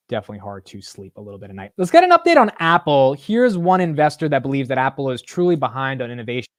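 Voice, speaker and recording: Casual guy hosting a market show, excitable and slangy, swears a lot, dry close sound. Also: medium pitch, dry recording.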